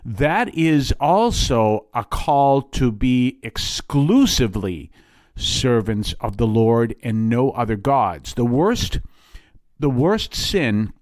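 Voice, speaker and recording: A man's voice: medium pitch, darkish tone, no room sound. A middle-aged man, a priest hosting his show, talking in a casual, rambling way with frequent fillers and side remarks. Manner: rambling and digressive, with many fillers and asides. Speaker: priest and podcast host. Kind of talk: casual homily-style monologue.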